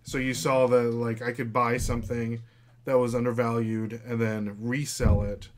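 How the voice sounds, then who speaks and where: A man's voice: mid-range voice, little pitch movement, moderate pace. A man hosting a casual reselling chat, rambling with fillers and talking to viewers. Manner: rambling, many fillers, chatty with viewers and dog. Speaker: reseller podcast host. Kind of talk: casual livestream chat with his wife.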